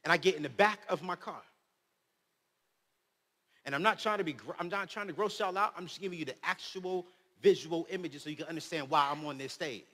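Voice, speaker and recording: A male preacher in his thirties telling his story in an animated, humorous speech, swinging between loud and soft. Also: fairly high pitch, fairly quick. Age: 30s. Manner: humorous, slangy. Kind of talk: motivational speech. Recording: long hall reverb.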